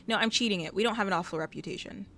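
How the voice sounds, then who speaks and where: A woman giving casual, sassy Let's Play commentary, scolding the characters in her game out loud, recorded on a headset mic. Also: medium pitch, very fast, vocal fry, a little hiss or hum. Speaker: gaming YouTuber.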